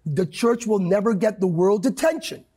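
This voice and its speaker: A man's voice: animated, normal speed, dark tone, breathy edge. A man preaching with passion in a talk-show conversation, emphatic and quoting scripture. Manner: emphatic, quotes scripture, swings pitch widely. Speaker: pastor guest.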